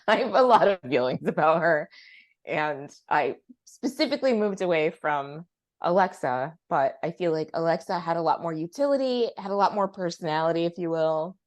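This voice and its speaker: A woman's voice: fairly low pitch, lively intonation, moderate pace. A woman co-hosting a podcast, telling wry stories in casual chat. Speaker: podcast co-host.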